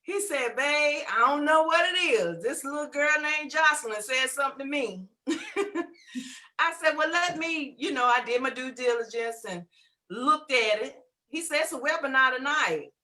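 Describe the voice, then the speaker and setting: High, bright, effusive middle-aged woman. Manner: effusive, folksy, laughs often. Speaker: webinar testimonial speaker. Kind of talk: excited testimonial.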